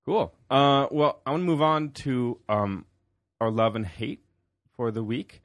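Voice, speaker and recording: A man hosting a casual local podcast, chatty, with quick asides and many fillers, speaking. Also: medium pitch, fairly bright tone, no echo, studio quality. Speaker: podcast host. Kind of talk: casual chat.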